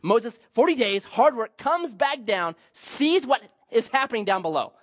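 A man's voice: extremely high pitch, big pitch swings, measured pace. A man pastor giving a sermon, telling Bible stories with humor and acted asides, on a dull lo-fi recording.

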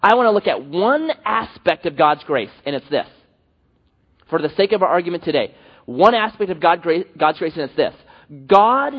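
A man preaching a sermon, animated and acting out the voices he quotes. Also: fairly high pitch, slightly rough, lo-fi sound. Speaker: pastor.

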